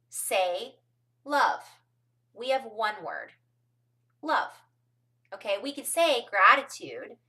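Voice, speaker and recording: A woman's voice: medium pitch, sharp tone, distant mic. A woman from California rambling through a casual spiritual talk to her viewers, with frequent ums and asides. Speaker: spiritual vlogger.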